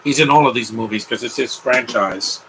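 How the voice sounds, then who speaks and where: A man's voice: mid-range voice, a little fast, bright, forceful tone, slight background noise, poor audio. A young man hosting a live movie commentary, talking in an offhand, rambling way with opinionated asides.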